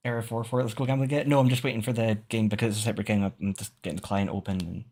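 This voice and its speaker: A man's voice: lowish voice, steady tone, racing, darkish tone. A man with a Scottish accent, a VTuber streamer rambling casually to his chat, swearing and laughing often. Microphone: streaming microphone.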